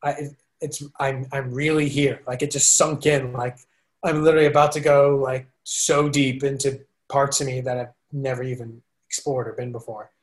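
A man talking as a podcast guest, telling a personal story in a lively, animated way, often restarting his sentences. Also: mid-range voice, moderate pace. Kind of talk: casual storytelling interview.

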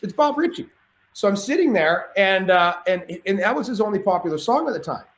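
A man telling a wild party story as a podcast guest, talking in a lively, profane, rambling way from a cottage. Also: high voice, a little fast, reverberant, a little hiss or hum, poor audio. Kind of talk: animated storytelling.

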